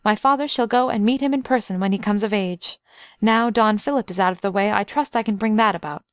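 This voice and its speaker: A woman voicing an excitable young invalid man who is wry, talkative and full of schemes, in a storybook reading. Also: medium pitch, fairly quick, clear, resonant tone, no room sound, natural voice. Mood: eager scheming.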